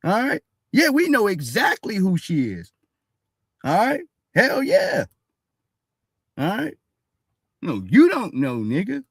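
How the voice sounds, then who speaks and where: List: man, somewhat high voice, streamer commentary, cussing, frequent "all right"s. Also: huge pitch swings, slow, gravelly, long pauses, breathy edge, no echo, studio quality. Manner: blunt, profane, keeps saying "all right". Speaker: streamer reacting to a clip. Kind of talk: casual reaction commentary.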